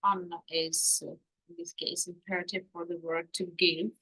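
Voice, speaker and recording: A woman co-hosting a casual language lesson, telling a lively story about learning the language and often laughing as she speaks. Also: lowish voice, moderate pace, breathy edge, low-quality recording. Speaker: language course co-host.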